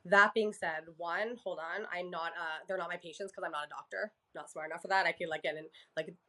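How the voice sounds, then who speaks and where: A woman's voice: on the low side, steady tone, brisk, pushed and bright. A woman from Canada, a therapist and podcast guest, talking candidly in casual conversation, swearing freely and acting out exchanges with her clients.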